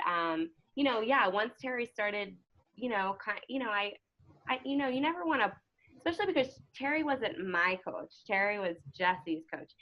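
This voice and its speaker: A woman hosting a team call, effusive and emotional, praising a guest with many fillers. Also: mid-range voice. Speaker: host and team coach. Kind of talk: casual talk on a team video call. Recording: dull lo-fi call audio.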